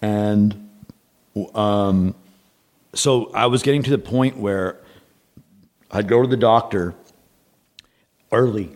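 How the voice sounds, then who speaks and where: A man's voice: on the low side, slow pace, pauses often, a little mellow. A man guest on a podcast, telling a long personal story in a rambling, casual way, repeating words and acting out what others said.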